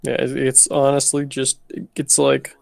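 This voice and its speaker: Male player, gravelly, dry close mic, deliberate explainer with deadpan jokes. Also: mid-range voice, dry recording. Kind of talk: casual chat before a tabletop game stream.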